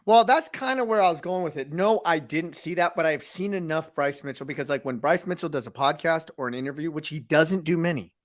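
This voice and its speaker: A man's voice: a little high, brisk, hardly any pauses. A man co-hosting a casual sports talk show who recaps events emphatically, like a storyteller. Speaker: co-host, sports commentator.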